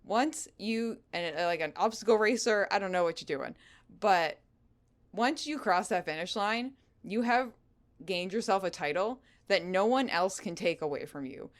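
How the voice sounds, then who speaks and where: A woman's voice: mid-range voice, expressive, normal speed. A woman hosting a podcast, giving an encouraging pep talk and repeating her reassurances again and again. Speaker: podcast host.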